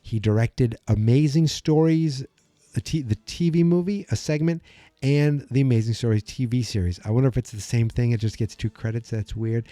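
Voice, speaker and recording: A middle-aged man hosts a podcast in a very dark, mellow voice, rambling casually through his thoughts with many restarts. The sound is dry and close, with no room around it. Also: mid-range voice, no room sound. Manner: rambling, acts out movie lines in quick voices. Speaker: podcast host. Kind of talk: casual movie commentary.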